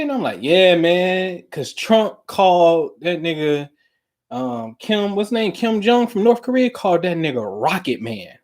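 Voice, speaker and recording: A man hosting a show, talking in casual, profane chat, telling stories animatedly and dropping to low mumbles. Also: very animated, a little slow, a little mellow. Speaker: podcast host.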